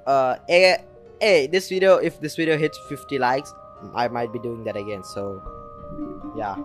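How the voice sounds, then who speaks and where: A young man filming a reaction vlog, excitable and jumpy, with frequent shrieks and nervous laughter into a desk mic. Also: medium pitch, normal speed, soft background music. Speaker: reaction video creator. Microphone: desk mic with headphones.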